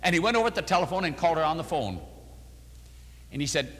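Older man preaching in a big hall. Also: fast. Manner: animated storytelling, voices quotes with rising pitch. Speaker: preacher answering questions. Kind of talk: sermon.

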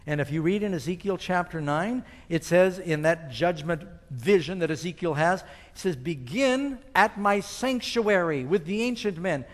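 A man preaching a sermon with emphatic delivery, quoting scripture and asking the congregation questions. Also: sits high. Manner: emphatic, rising and falling with scripture quotes, asks the audience questions. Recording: long hall reverb.

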